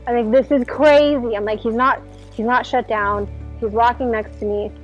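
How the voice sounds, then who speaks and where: A woman speaks a little high, with a steady tone and moderate pace, as she casually shares a story from her own life. She acts out her earlier reactions and fills her speech with "like," while faint music plays under the dull lo-fi audio.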